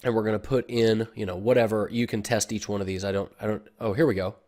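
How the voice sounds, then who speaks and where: A man giving a casual screen-recorded software tutorial, explaining step by step with frequent fillers and "okay?" check-ins, recorded on a desktop computer mic. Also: on the low side, steady tone, fast. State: has the hiccups. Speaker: online marketing tutor.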